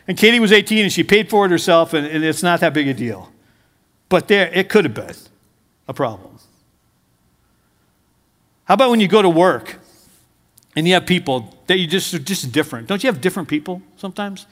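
High-voiced man preaching in a hall. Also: expressive, brisk, a bit bright. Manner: conversational, anecdotal preaching with asides. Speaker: pastor. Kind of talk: sermon. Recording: hall reverb.

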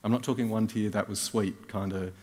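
A man's voice: on the low side, steady tone, brisk, darkish tone. A man with an Australian accent preaching a sermon as a guest speaker, telling a personal story with wry, self-mocking asides. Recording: reverberant church hall.

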